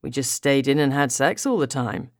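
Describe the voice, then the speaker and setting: A woman reading an audiobook, voicing a playful, affectionate young man who teases his girlfriend in an unhurried way. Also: very deep voice, animated, no echo, studio quality. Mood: teasing. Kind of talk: audiobook character voice.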